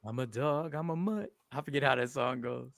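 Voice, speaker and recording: A man's voice: mid-range voice, fairly quick, creaky, background noise. A man co-hosting a livestream talk show in casual chat, joking and reading viewer comments aloud. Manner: jokey, reads viewer comments aloud in put-on voices. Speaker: livestream co-host.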